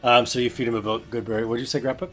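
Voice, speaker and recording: A man running a tabletop game as game master, narrating in a casual, halting way. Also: mid-range voice, flat delivery, fairly bright tone. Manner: casual, many fillers and restarts. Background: faint music.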